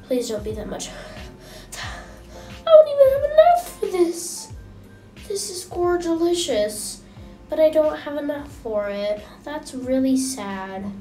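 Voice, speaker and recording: A young woman with a fairly high voice chats through her gameplay, excitable and gushing, taking her time between words. She sits a little away from the mic in an echoey room. Music plays clearly behind her. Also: far from the mic. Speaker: gaming channel host. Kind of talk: casual gameplay commentary.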